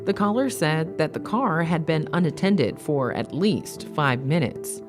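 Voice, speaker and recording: A woman narrates a documentary in a measured, matter-of-fact tone. Her voice is very low. Faint music plays underneath. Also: expressive. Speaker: host and narrator.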